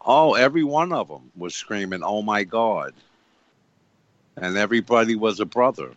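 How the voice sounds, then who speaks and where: A man's voice: fairly low pitch, expressive, moderate pace, no echo. A man on a radio show talking about faith emphatically, repeating himself and asking rhetorical questions. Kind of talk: preachy spiritual talk. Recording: dull lo-fi radio sound.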